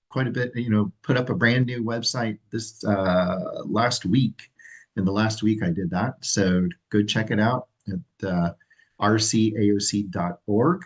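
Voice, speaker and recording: A man's voice: on the low side, highs cut off. A man hosting a livestream as association president, talking in an upbeat, rambling way with fillers. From California. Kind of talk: livestream presentation.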